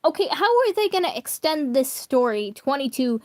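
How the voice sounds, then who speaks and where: Reading fan fiction from the internet, this woman speaks in a high voice with big swings in pitch at a normal speed. She keeps it informal, adding asides and frequently tripping over words before fixing them, with no room sound.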